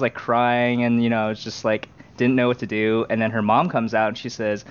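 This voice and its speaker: A man's voice: mid-range voice, little pitch movement, a little fast, few pauses, clear, resonant tone. Rambling man telling stories, lo-fi. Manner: rambling anecdotes with acted quotes. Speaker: podcast co-host. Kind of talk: casual chat, storytelling. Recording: dull lo-fi audio.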